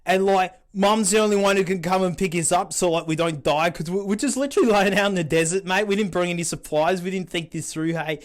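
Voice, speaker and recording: A man's voice: high voice, fast talker, hardly any pauses, close to an everyday voice. A man voicing a rowdy young Australian larrikin, telling a wild story in a broad slangy drawl with trailing tags. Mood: boastful yarn. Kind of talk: comedic mic-test monologue.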